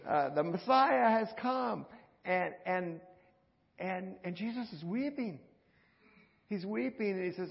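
A man preaching a conversational sermon, repeating words and swinging from loud, urgent passages to hushed ones. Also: high voice, expressive, measured pace, vocal fry, in a large hall, lo-fi sound. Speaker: pastor.

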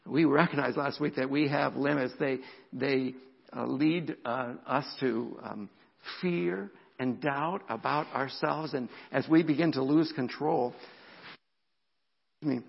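Man, pastor mid-sermon; gravelly voice, dull lo-fi church recording. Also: mid-range voice, unhurried. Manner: animated, repeats words, drops to a whisper for emphasis.

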